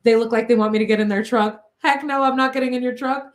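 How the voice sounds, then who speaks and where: Woman telling a personal story, animated. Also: on the high side, quick pace. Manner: emotional, tumbling, filler-heavy retelling. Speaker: vlogger.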